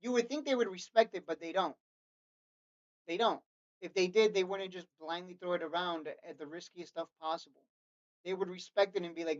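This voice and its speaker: A man's voice: sits high, steady tone, brisk, no echo. A man coaching stock traders in a casual monologue, preachy and mocking, repeating himself and restarting sentences. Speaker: trading coach and channel host. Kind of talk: casual ranting video monologue. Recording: dull, slightly lo-fi dry recording.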